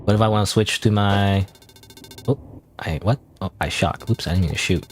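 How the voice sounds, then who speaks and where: A man's voice: on the low side, moderate pace, a little hiss or hum. A man streaming a game, thinking aloud in casual commentary with many restarts and hesitations.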